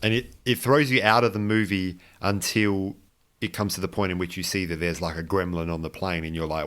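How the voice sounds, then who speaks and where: A man co-hosting a podcast chats casually about a film, rambling with frequent restarts, fillers, and wry self-mocking asides. His voice sits low and fairly bright, with fairly even intonation and a slightly fast pace.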